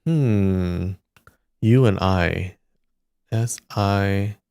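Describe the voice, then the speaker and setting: A man streaming live, thinking aloud and slowly sounding out syllables as he works through a word puzzle. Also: sits low, gravelly, dark tone, clean tone, dry recording. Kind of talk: casual muttering while solving a word puzzle.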